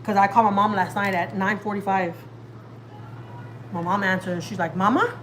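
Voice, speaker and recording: A talkative woman in her thirties with a drawl, rambling to her viewers on a phone live stream at home. Her voice sits at an ordinary middle pitch. A faint hiss runs under it. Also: fairly even intonation, brisk, rough recording. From Texas, USA. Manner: chatty and rambling, talks straight to viewers. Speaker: family vlogger hosting a live stream. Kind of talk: casual live-stream chat.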